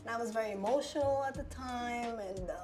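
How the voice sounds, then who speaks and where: A woman who owns a restaurant, talking in a casual interview in an emotional, grateful way, with quick yeses and agreements. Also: a little high. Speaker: restaurant owner. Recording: music bed under the talk. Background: background music.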